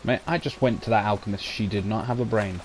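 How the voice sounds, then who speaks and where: A man's voice: lowish voice, quick pace, slight background noise. A young British man giving casual, sarcastic let's-play commentary and swearing as he plays. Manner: sarcastic, swears, talks to himself. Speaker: gamer commentating his playthrough.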